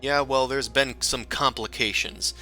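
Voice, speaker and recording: A man's voice: medium pitch, steady tone, measured pace, sharp tone, soft background music, pitched above the performer's own voice. A man voicing a harried male caravan leader who makes excuses, hesitant and apologetic. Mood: defensive.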